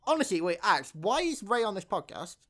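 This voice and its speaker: A man's voice: high voice, very animated, a little fast, crowd noise. A man in a casual podcast debate, making teasing, mock-grandiose claims. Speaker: podcast guest.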